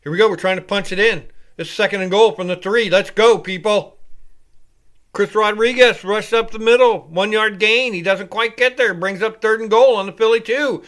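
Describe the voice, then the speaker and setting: A man hosts a live reaction show, delivering casual play-by-play at a moderate pace. He drifts off-topic, swears freely, and his voice climbs higher and louder each time he calls the action.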